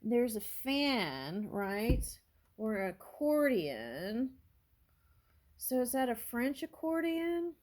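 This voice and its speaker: A woman's voice: a little high, very animated, slow pace, darkish tone. A woman doing a casual tarot reading, thinking aloud and musing over each card with small exclamations. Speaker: tarot reader.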